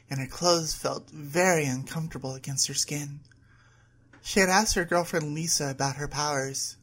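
A woman narrating an adult short story at a steady reading pace. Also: low-pitched.

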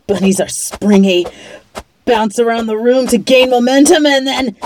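A woman's voice: on the high side, fairly even intonation, moderate pace, darkish tone, slight background noise, natural voice. A woman voicing a cocky, mean female bunny villain who taunts and swears in an audio role-play. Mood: taunting. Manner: taunting, mocking, swears a lot.

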